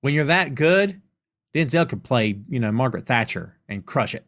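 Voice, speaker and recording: A man's voice: mid-range voice, big pitch swings, normal speed, a bit bright. A man with a Southern US accent hosting a live question-and-answer podcast. He rants emphatically and casually, repeating lines for effect. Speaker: podcast host.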